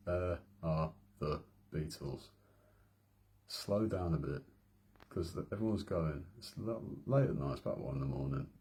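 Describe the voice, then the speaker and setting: A vlogger from the English Midlands, in his thirties, delivers a rambling monologue from a room at home at night. His voice is low-pitched and warm, and he often jokes at his own expense.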